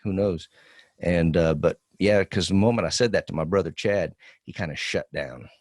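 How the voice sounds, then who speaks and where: A man's voice: low voice, normal speed, dry recording, studio quality. A man in his forties, a podcast co-host, telling a long profane story in casual chat. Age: 40s. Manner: profane, rambling storytelling with animated quoted voices.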